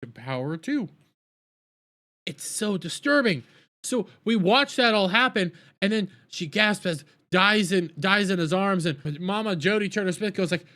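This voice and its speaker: A man recapping a TV episode in an animated, exasperated rant, often stumbling and restarting his sentences. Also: high-pitched, unhurried. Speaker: TV show reviewer.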